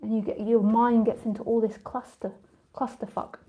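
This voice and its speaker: A woman's voice: on the high side, level tone, normal speed, narrow, tinny audio, slight background noise. A woman spiritual teacher in a casual live talk with listeners, rambling and chatty, often laughing and drifting off on tangents.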